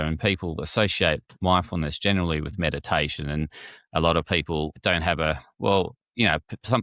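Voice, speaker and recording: A man hosting a podcast, talking in a conversational way with many halting restarts. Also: deep voice, a bit bright, no echo, clean studio sound. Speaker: podcast host. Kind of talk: podcast interview.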